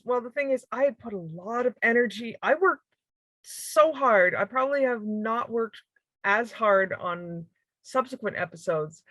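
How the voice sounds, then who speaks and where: A woman's voice: medium pitch, dry recording, dull audio. A woman co-hosting a podcast, chatting casually with playful humor and frequent laughter. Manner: playful, laughs often, animated. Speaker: podcast co-host. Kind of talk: casual chat.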